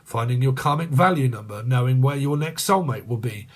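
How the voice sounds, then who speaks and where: Man, casual tarot reader, cheeky and crude, chatty mid-pitched voice. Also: fairly quick. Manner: crude joking, laughs often; rambling, chatty.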